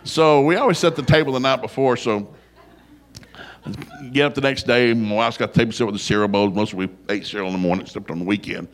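Folksy older man telling stories. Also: fast. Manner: folksy, animated, gets loud and high when quoting himself. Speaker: storyteller. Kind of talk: humorous family storytelling.

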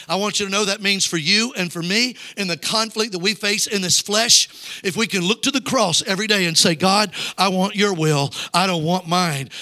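A man's voice: sits high, bright, forceful tone. A male evangelist preaching a sermon, urging the congregation to read scripture aloud with him. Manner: urges the crowd to read aloud.

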